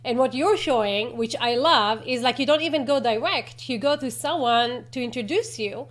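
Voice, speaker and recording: A woman with a high voice hosts a casual interview. She talks emphatically and acts out both sides of her stories. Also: moderate pace. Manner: emphatic, acts out quoted exchanges. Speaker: podcast host.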